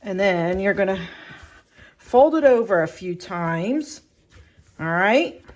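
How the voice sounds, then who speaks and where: A woman's voice: medium pitch, lively intonation, takes it slowly. A middle-aged woman chatting casually through a home baking demonstration, rambling with fillers and restarts, her voice a little shaky from kneading.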